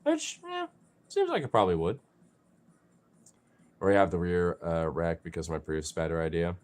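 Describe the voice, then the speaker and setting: This vlogger chats casually in a low, slightly mellow voice, very animated and brisk. The talk rambles, packed with "like" and "you know," as they jokingly tease and curse at their pets.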